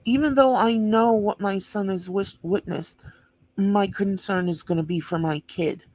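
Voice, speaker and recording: A woman's voice: mid-range voice, measured pace, a little mellow, no room sound, poor audio. A woman giving blunt, scornful commentary over video footage, swearing freely and sounding indignant. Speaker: reaction video host.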